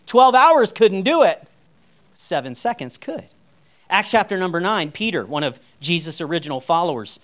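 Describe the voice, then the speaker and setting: A man's voice: sits high, big pitch swings, moderate pace. A male pastor preaching a sermon in a conversational way, with wry humorous asides.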